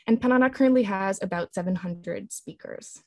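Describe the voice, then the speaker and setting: A woman presenting a linguistics talk with slides, explaining in a measured way with frequent ums and restarts. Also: mid-range voice, mellow, no room sound.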